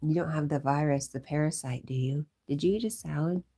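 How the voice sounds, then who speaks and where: Low husky woman chatting on a livestream. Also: brisk, dark tone. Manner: chatty, reads comments aloud, often drops to a whisper. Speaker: livestream host. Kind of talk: casual livestream chat, reading viewer comments.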